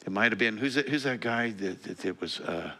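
A man's voice: on the low side, lively intonation, fairly quick, bright, forceful tone. A man preaching a conversational sermon, reading scripture and teaching with light laughs and self-corrections. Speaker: pastor.

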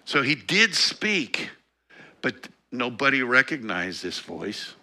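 A man's voice: mid-range voice, big pitch swings, takes it slowly, pushed and bright. A man preaching a conversational sermon, reading scripture and teaching with light laughs and self-corrections. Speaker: pastor.

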